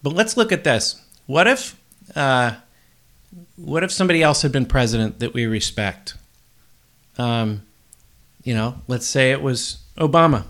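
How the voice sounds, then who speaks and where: A man's voice: mid-range voice, lively intonation, unhurried, pauses often, fairly bright tone. A man hosting a solo podcast, rambling bluntly and swearing freely. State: up before dawn, tired. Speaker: podcast host.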